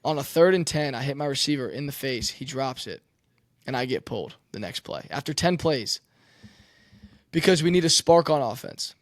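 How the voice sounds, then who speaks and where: A man's voice: medium pitch, lively intonation, normal speed, no room sound, clean studio sound. A young man who plays college quarterback, telling his story candidly and emotionally, swearing and saying "man". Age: young adult.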